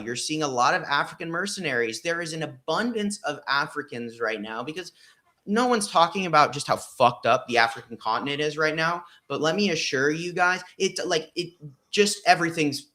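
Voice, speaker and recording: A man's voice: on the high side, expressive, fairly quick, bright, forceful tone. A man in casual podcast discussion, talking emphatically with frequent fillers and blunt profanity.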